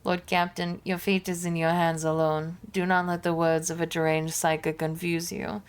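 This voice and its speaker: A tired, tender-hearted psychic companion, as a woman voices her in a put-on accent. Her delivery is wistful and emotional, with a slightly low voice. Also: flat delivery, normal speed, smooth, lightly acted. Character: weary, sentimental female psychic companion.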